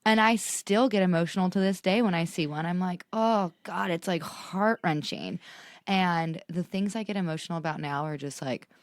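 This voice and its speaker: A woman's voice: lowish voice, moderate pace, clear, resonant tone, no room sound. A young woman co-hosting a podcast, chatting casually and in a bubbly way, laughing often and sometimes swearing. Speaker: podcast co-host. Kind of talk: casual chat.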